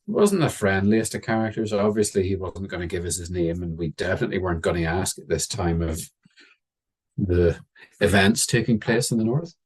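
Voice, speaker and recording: A man telling a story in a wry, conversational way, slowing down for dramatic moments. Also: low voice, slightly rough. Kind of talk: oral storytelling.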